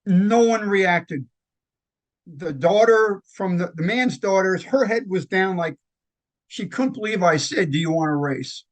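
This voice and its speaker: A man who founded a nonprofit tells personal stories in an interview, halting with fillers and restarts and acting out the quoted lines. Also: high-pitched. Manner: lively anecdotal storyteller who acts out quoted lines. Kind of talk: conversational interview storytelling.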